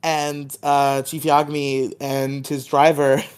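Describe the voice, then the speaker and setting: A man's voice: mid-range voice, flat delivery, takes it slowly, clean tone. A man co-hosting a podcast, recapping a TV episode in a chatty way full of fillers. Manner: chatty, filler-heavy retelling of scenes. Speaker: podcast co-host.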